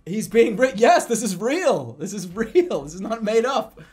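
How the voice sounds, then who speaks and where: A man's voice: sits high, very animated, unhurried, darkish tone. A young adult man, a streamer, telling a story in casual, profane speech with frequent laughter.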